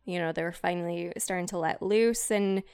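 A woman's voice: fairly low pitch, a little fast, darkish tone, smooth. A woman hosting a podcast, telling a story in casual chat, rambling with lots of fillers and self-conscious asides. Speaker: podcast host.

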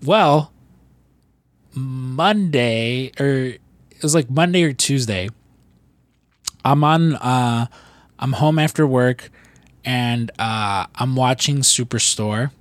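A young man co-hosts a podcast in loose, casual chat, his voice at an ordinary middle pitch. He rambles through stories full of fillers, restarts and swearing. The recording is close and dry, with no room sound. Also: slow pace, pauses often, no echo. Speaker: podcast co-host.

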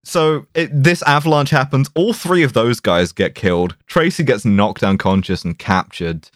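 A man's voice: medium pitch, moderate pace, no echo, studio quality. A man co-hosting a podcast, retelling a film in casual, swearing chat. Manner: animated storytelling, swears freely. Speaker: podcast co-host.

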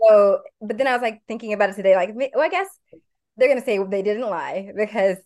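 A woman's voice: mid-range voice, quick pace, darkish tone. A woman co-hosting a podcast in casual chat, giggly and rambling. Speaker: podcast co-host.

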